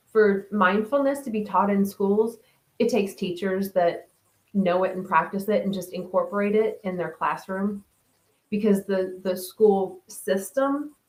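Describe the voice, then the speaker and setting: Chatting casually in a mid-range, darkish voice, a woman leads a mindfulness live stream, reading viewer comments aloud as she works through her thoughts with lots of restarts and "right?". The room gives her voice an echo.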